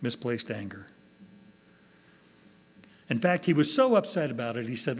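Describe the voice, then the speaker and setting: A man's voice: mid-range voice, very animated, normal speed, long pauses, breathy edge. A man preaching a sermon, earnestly acting out quoted prayers with rising emotion. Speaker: pastor.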